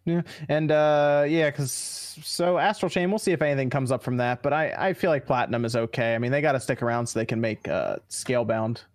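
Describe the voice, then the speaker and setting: A man's voice: mid-range voice, fairly quick, few pauses, no echo, studio quality. Laid-back man hosting a gaming podcast. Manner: laid-back, laughs often. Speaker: podcast host reading Super Chats. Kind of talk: casual chat.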